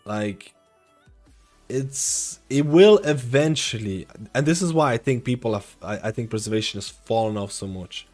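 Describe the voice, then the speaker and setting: A man's voice: mid-range voice, animated, moderate pace, darkish tone. A young man streaming live, answering viewer questions in a loose, rambling, chatty way. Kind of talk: casual live-stream chat. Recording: faint music behind.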